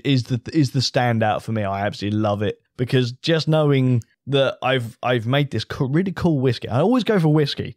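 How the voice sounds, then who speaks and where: A man's voice: mid-range voice, a little mellow, dry recording, clean studio sound. A man co-hosting a casual board game chat, enthusiastic and rambling, often restarting his sentences. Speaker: co-host reviewing a board game.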